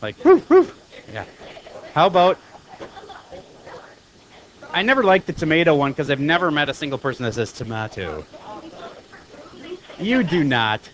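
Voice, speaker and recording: A man's voice: fairly high pitch, animated, fairly bright tone, poor audio. Chatty male math teacher quizzing a class. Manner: chatty, quizzing students with quick questions. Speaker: high school math teacher. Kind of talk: classroom lecture.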